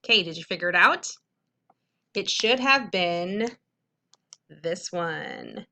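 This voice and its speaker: A woman's voice: fairly low pitch, animated, takes it slowly, pushed and bright. A young woman teacher patiently explaining a reading lesson to middle schoolers, checking in often. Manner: clear, patient explaining with frequent "okay?" checks.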